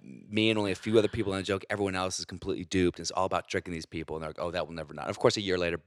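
A man, a stand-up comedian, telling animated stories in casual chat and slipping into other people's voices. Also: sits low, rapid-fire.

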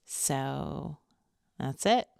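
A woman's voice: extremely low pitch, lively intonation, drawn-out words, creaky, clear, resonant tone, dry recording, studio quality. A woman hosting a podcast in casual chat, chatty and self-deprecating, with loose filler words and swearing. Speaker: podcast host.

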